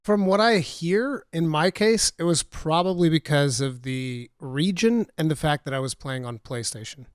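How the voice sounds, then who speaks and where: A man's voice: a little high, lively intonation, normal speed, smooth, dry recording, studio quality. A man hosting a podcast, chatting casually and laughing often. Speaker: podcast host. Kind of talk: casual chat.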